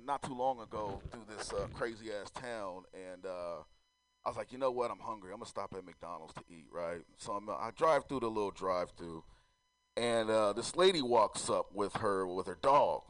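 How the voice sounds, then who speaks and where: Male stand-up comedian, casual and profane, animated delivery, dry close mic. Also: mid-range voice, dry recording, low-quality recording. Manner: loose, swearing, talks to the crowd.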